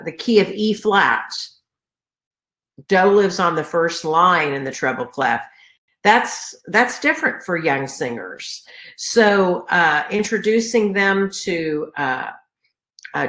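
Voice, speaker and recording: Speaking in a fairly bright but low-leaning voice, this middle-aged woman delivers a sincere conference presentation about choir teaching. A sinus infection leaves her congested, and she keeps using fillers and starting over. She's a choral music educator, captured in a room with noticeable echo.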